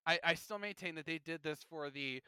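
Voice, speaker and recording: Bright, clear-voiced male podcast host. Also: a little high, a little fast, no room sound. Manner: chatty, opinionated, animated asides. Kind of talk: casual podcast chat.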